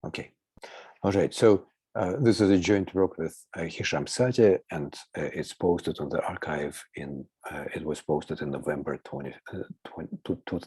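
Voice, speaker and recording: A man with a Russian accent, native Russian speaker, giving a seminar lecture over a video call, halting with frequent pauses and fillers. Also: a bass voice, a little mellow, breathy edge, dry recording.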